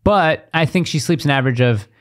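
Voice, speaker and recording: A man in his thirties co-hosting a podcast, chatting casually and telling animated stories with put-on shouting voices. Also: a little high, a little fast, smooth. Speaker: podcast co-host. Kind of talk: casual chat.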